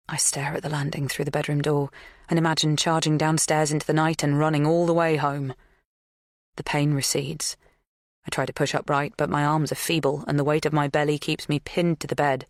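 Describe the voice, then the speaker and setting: A woman's voice: low voice, fairly even intonation, brisk, dry recording, clean studio sound. Woman narrating a tense thriller. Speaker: audiobook narrator. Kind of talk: first-person thriller narration.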